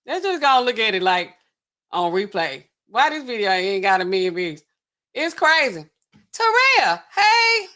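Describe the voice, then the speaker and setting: Woman, young adult, livestream host, casual reaction chat, talks to viewers, frequent laughs, sharp bright tone. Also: medium pitch, big pitch swings, moderate pace. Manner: chatty, addresses viewers directly, laughs often. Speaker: pharmacist host.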